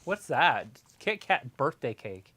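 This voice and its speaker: A man's voice: mid-range voice, very animated, slow, sharp tone. A man co-hosting a casual live watch-along stream, making offhand, opinionated and teasing remarks. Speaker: stream co-host.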